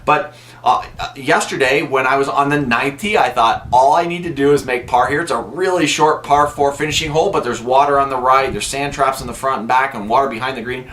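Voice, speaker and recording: A man's voice: medium pitch, brisk, sharp tone. A man talking casually to camera as a golf instructor and vlogger, telling stories in a chatty way and often restarting his sentences. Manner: chatty storytelling, frequent restarts. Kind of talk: casual direct-to-camera talk.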